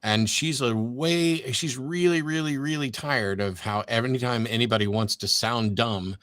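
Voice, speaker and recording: A man who is a guest on a livestream chat over a video call, telling a story in a measured way with dry wit. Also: medium pitch, fairly bright tone, no room sound.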